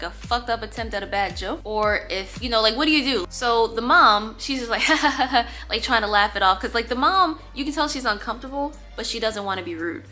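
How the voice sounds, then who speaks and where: A young woman telling a dating story in a casual, animated way, acting out the quotes and swearing freely. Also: a little high. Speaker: storytime vlogger.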